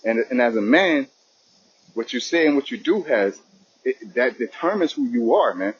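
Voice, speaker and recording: Male lay teacher, conversational scripture talk, muffled low-fi recording. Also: lively intonation, normal speed, a little hiss or hum. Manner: conversational, repeats "you know what I'm saying". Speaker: teacher of a religious lesson. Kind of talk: informal spoken teaching.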